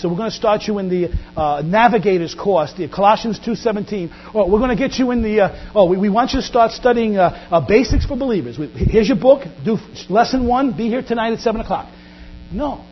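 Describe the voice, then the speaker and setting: A man preaching a sermon as pastor, animated, often acting out Bible scenes in quoted voices. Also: high-pitched. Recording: dull lo-fi recording with faint mains hum.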